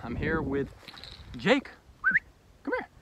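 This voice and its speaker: A man vlogging outdoors in a relaxed, chatty way, his pitch rising and falling a lot as he talks. Steady outdoor noise sits clearly behind his voice, caught on a handheld camera mic. He keeps things easygoing, with plenty of fillers. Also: slow pace. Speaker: hunting channel host. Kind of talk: casual outdoor vlog talk. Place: outdoors in a field by water.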